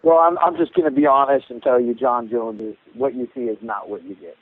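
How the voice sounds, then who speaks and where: A man's voice: mid-range voice, brisk. Man telling a story over a tinny phone line. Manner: rambling, repeats words, acts out quotes. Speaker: boxing coach guest. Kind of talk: storytelling on a podcast call. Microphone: phone call.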